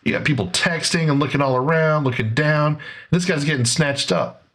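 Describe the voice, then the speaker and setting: A man's voice: fairly high pitch, normal speed, fairly bright tone. A man hosting a casual commentary video, talking over footage in a conversational, sarcastic way. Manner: conversational, with fillers and restarts. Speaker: commentary show host.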